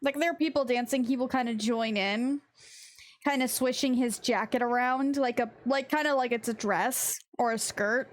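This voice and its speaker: A woman's voice: a little high, normal speed. A woman playing a tabletop role-play game, describing what her character does in third person. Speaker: player.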